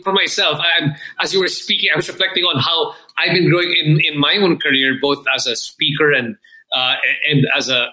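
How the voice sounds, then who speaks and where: Male podcast host, polite interviewer, slightly high, bright tone. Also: rough recording. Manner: polite, reflective, searches for words. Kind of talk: interview questions.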